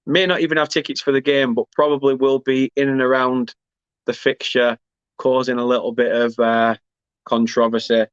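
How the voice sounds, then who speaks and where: A man's voice: medium pitch, little pitch movement, normal speed, clear, resonant tone, no echo, highs cut off. Chatty man on a live stream. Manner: chatty, rambling, self-deprecating banter. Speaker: host of a football fan watchalong. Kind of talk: casual live chat, reading out viewer comments.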